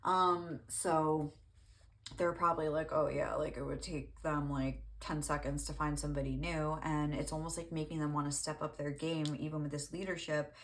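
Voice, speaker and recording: A woman with a low voice gives a casual tarot reading. She rambles along in a loose, chatty way, full of fillers and small asides. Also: flat delivery, moderate pace. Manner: rambling, lots of "like", laughs often. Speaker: tarot reader.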